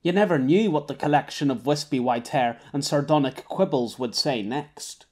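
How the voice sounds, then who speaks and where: A man reading an audiobook in a medium-pitched voice. His storytelling is steady with a wry touch. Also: normal speed, few pauses. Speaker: audiobook narrator. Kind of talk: scripted narration.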